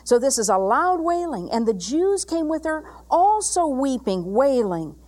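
A woman with a fairly high voice preaches a sermon. She moves between loud, emphatic bursts and quiet, intimate passages that draw the listener in. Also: big pitch swings, unhurried.

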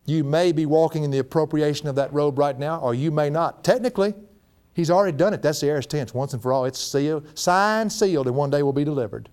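A middle-aged man preaching a sermon as a pastor, folksy and animated, laughing often. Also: on the high side, quick pace.

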